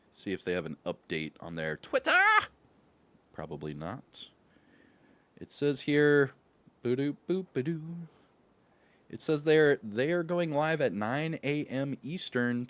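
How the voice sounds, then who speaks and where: This gaming streamer from Louisville, Kentucky, talks casually with his viewers, laughing often and greeting chat with upbeat slang. He has a fairly low-pitched voice, captured in a dry recording.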